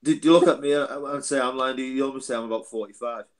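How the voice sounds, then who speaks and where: A man's voice: medium pitch, fast talker. A man in his late twenties chatting in a group, rambling through his points and laughing between them. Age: 20s. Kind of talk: casual group chat.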